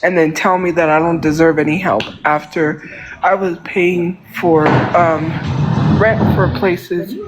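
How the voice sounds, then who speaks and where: A woman's voice: fairly low pitch, steady tone, measured pace, slight background noise, low-quality recording. A woman talking on a phone livestream in an emotional, rambling way, leaning on "like" a lot. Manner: emotional, rambling, heavy use of "like". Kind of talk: casual livestream monologue.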